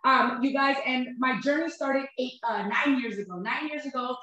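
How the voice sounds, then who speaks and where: A woman's voice: sits high, normal speed, hardly any pauses, bright, forceful tone. A woman in her thirties, a nutrition coach giving an upbeat motivational webinar talk, often checking in with "you guys" and "right?". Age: 30s. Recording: very echoey room.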